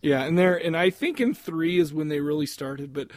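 A man's voice: fairly high pitch, normal speed, darkish tone, dry recording. Giggly rambling man, dry close mic. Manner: rambling, giggly, crude jokes. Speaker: podcast co-host. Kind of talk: casual chat.

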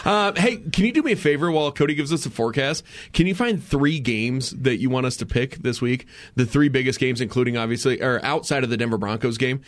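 A man's voice: medium pitch, fairly quick. Guy hosting a morning radio show, jokey and rambly, kinda self-deprecating. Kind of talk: casual on-air chat.

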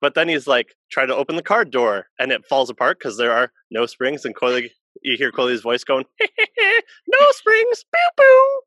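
A man's voice: mid-range voice, a little fast, few pauses, sharp tone, dry recording. A man co-hosting a casual podcast chat, rambling through stories and acting out what people said in little voices. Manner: rambling storyteller who acts out quotes in voices. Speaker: podcast co-host, Christian channel manager.

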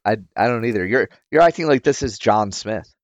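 A man cohosts a podcast and teases the others with quick quips. His voice is on the low side, and the recording is close and dry. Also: expressive, no echo. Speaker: podcast co-host. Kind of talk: casual chat.

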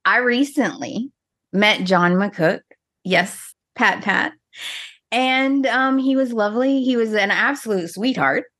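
A woman's voice: a little high, takes it slowly, fairly bright tone. A woman co-hosting a podcast, chatting casually and venting dramatically with playful energy. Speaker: podcast co-host. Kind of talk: casual chat.

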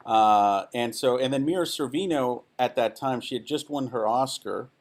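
A man from Texas whose first language is Spanish, a film director telling animated, enthusiastic stories as an interview guest. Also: mid-range voice, normal speed. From El Paso, Texas. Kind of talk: casual anecdotal storytelling.

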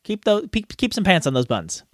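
A man's voice: high voice, huge pitch swings, moderate pace, noisy background. A man co-hosting a podcast, rambling goofily through his own outtakes and mocking himself. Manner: goofy, self-mocking, rambling. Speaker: podcast co-host.

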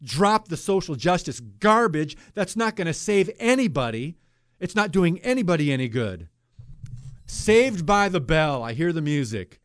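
A Christian talk radio host with a fairly high voice delivers impassioned commentary into a studio mic, very animated yet at a measured pace. He swings between loud outbursts and muttered asides, and the recording is dry and close.

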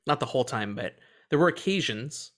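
A man's voice: medium pitch, fairly quick. A man co-hosting a casual movie podcast, joking and swearing freely. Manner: animated, profane, joking. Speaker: podcast co-host. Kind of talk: casual chat.

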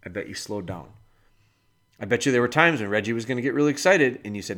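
A man talks through dog-training advice in a relaxed podcast chat. He leans on everyday analogies and addresses the listener directly. His pitch sits in an ordinary middle range for a man. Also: quick pace.

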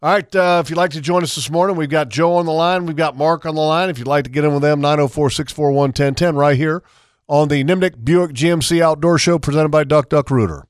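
A man's voice: fairly high pitch, fast talker, clean tone, dry recording, studio quality. Chatty talk-radio host man. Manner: chatty, upbeat salesman push. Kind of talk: talk radio with live ad reads.

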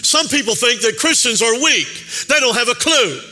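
A pastor preaching a sermon in a church, with a sing-song cadence and repeated calls to the congregation. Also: male voice, very high voice, lively intonation, normal speed, pushed and bright. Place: church sanctuary. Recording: long hall reverb with faint music.

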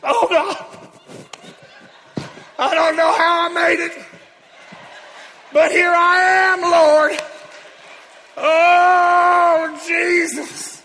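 A man voicing a frantic, weary worshipper who barely made it in, wailing and shouting, half-crying. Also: extremely high pitch, level tone, drawn-out words, pauses often, pitched above the performer's own voice, full character voice. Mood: desperate.

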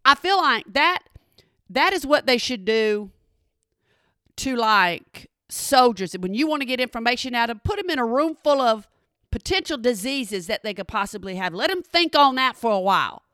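Bright, animated woman telling a story. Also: on the high side, normal speed, clear, resonant tone, no echo, clean studio sound. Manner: animated, exasperated, talks straight to listeners. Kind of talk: comedic storytelling monologue.

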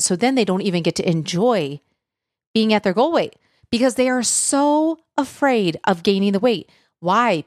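A woman's voice: mid-range voice, no room sound. Earnest woman coaching, dry close sound. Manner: earnest, reassuring, addresses listeners directly. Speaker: weight loss coach. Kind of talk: motivational talk to viewers.

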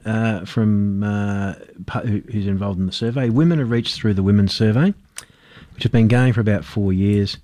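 A man's voice: on the low side, darkish tone, dry recording. A man hosting a radio talk show, chatty and self-deprecating, with frequent restarts, on a studio microphone. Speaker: radio host.

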